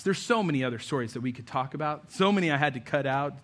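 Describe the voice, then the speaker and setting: A male pastor preaching a sermon, telling stories with animated delivery and little character voices. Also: medium pitch, fast talker, few pauses. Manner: animated storytelling, voices for figures.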